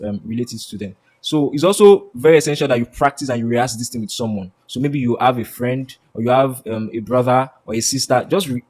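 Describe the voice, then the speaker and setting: A sales course instructor with a mid-range, slightly mellow voice teaches a sales lesson. He frequently asks "do you understand?" and acts out sample lines.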